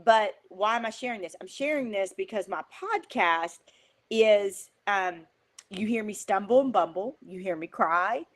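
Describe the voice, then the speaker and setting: A woman guest on an interview show, talking in an emphatic, animated, motivational way with frequent fillers. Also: medium pitch, a little slow. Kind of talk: motivational conversational talk.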